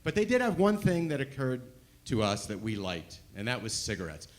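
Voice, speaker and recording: A man telling a stand-up story, animated and swinging between loud bursts and hushed asides. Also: mid-range voice, normal speed. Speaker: stand-up comedian.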